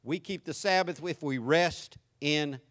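A man's voice: fairly high pitch, unhurried, a bit bright. A man with a Southern US accent preaching a sermon, folksy and emphatic. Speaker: pastor.

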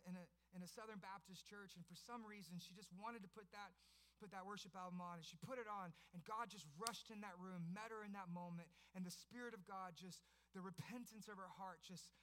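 A pastor in his thirties preaching a sermon, telling his story and building to loud, passionate preaching. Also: high-pitched.

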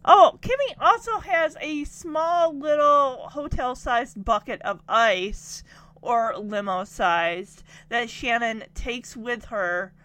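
A woman's voice: fairly high pitch, takes it slowly, fairly bright tone. A woman giving a chatty, giggly recap of a TV episode, quoting the characters as she goes. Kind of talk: casual recap commentary.

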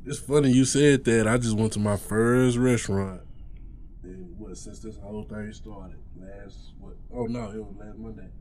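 A man's voice: fairly low pitch, steady tone, moderate pace, a little mellow. A young man co-hosting a casual chat, telling stories with animation, swearing and saying "bro". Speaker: podcast co-host.

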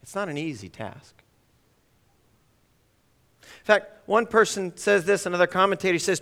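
Lively high-voiced male preacher. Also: unhurried, long pauses. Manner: animated, acts out dialogue in quoted voices; asks the audience rhetorical questions. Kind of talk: storytelling sermon. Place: church worship service.

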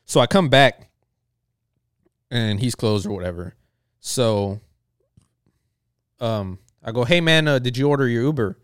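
Smooth-voiced man ranting through a story. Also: mid-range voice, a little slow, pauses often, no room sound, clean studio sound. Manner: rambling, profane, heavy filler words. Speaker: bartender. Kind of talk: casual storytelling rant.

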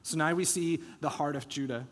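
Male pastor, slightly high pitch, earnest sermon delivery, church reverb. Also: brisk. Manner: earnest expository preaching that retells scripture scenes. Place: church sanctuary. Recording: long church hall reverb.

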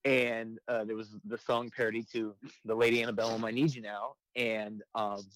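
A man's voice: lowish voice, flat delivery, moderate pace, dry recording, low-quality recording. A man who works as a firefighter and makes comedy videos, telling a story in a casual interview, with lots of fillers and restarts. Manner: rambling, many restarts and fillers.

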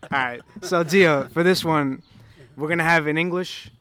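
A man hosting a casual chat, quietly asking questions and laughing along. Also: a little high, normal speed. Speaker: host.

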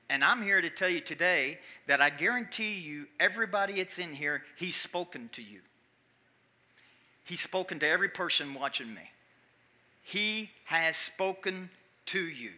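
Bright-voiced man preaching a lively sermon. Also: a little high, unhurried, long pauses. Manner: animated, swings from quiet asides to loud emphatic calls. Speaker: pastor. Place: church.

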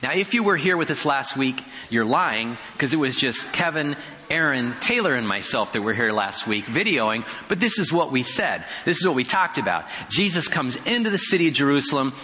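A man's voice: medium pitch, sing-song, normal speed, sharp tone, long reverb tail. A man preaching a sermon as a pastor, telling stories and adding humorous asides.

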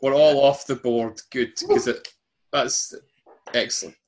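A man's voice: medium pitch, fairly even intonation, measured pace. A Scottish man hosting a casual quiz, chatty and self-deprecating, laughing often as he reads out questions. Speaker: quiz host.

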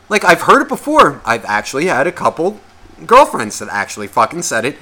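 Male podcast co-host, bright edgy tone, profane and animated in casual chat. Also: fairly high pitch, fairly quick.

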